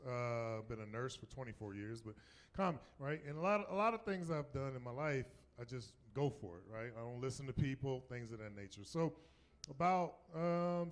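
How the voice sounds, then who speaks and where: A man in his fifties from North Carolina with a Southern accent, doing a loose, conversational stand-up set on a club stage, often asking "right?" and laughing at his own jokes. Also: medium pitch. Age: 50s. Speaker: stand-up comedian. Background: audience laughter.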